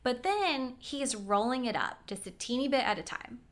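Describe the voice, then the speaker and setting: A young woman casually telling personal stories to her viewers in a chatty, animated way, with asides and quoted voices. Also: a little high, moderate pace. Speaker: vlogger. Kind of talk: casual storytelling.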